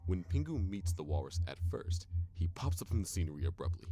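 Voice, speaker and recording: A man giving a calm, explanatory scripted narration for a list video. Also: low voice, brisk, soft background music.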